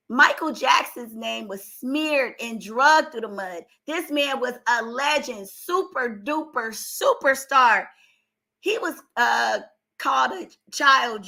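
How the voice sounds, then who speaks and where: A woman's voice: fairly high pitch, sharp tone. An older woman giving opinionated commentary, talking emphatically and with exasperation, her voice strained. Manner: emphatic, exasperated, rising to outbursts. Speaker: commentary vlogger.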